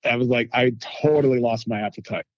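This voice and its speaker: A man telling lively food anecdotes as a guest in a casual interview, acting out quotes from people he met. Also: mid-range voice, fast, no room sound. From United States. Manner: animated anecdotes with quoted voices.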